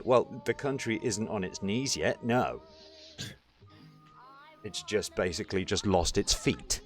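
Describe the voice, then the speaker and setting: A man with a lowish voice rants bluntly through a casual political podcast chat, swearing freely. Faint music plays underneath his talk. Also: expressive, measured pace, long pauses. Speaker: podcast host.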